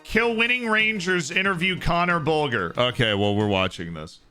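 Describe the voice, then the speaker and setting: A man streaming a football management game, chatting to his viewers in an excitable way and laughing often. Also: a little high, moderate pace, soft background music. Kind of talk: casual live-stream chat.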